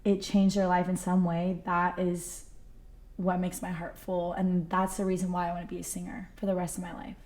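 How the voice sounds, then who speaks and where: Young woman singer as podcast guest, earnest and heartfelt, filler-heavy chat, a touch low-pitched. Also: monotone, normal speed, a little mellow.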